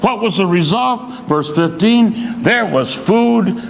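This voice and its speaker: Male associate pastor, sermon delivery, slow and emphatic, higher voice, church hall reverb. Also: expressive, gravelly, slight background noise. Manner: emphatic preaching with dramatic pauses. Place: church sanctuary.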